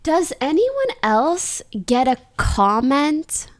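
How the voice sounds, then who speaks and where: High, lively young woman chatting to stream. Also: takes it slowly. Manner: giggly, slangy and playful, often laughing. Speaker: livestreamer. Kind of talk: casual chat to a live stream.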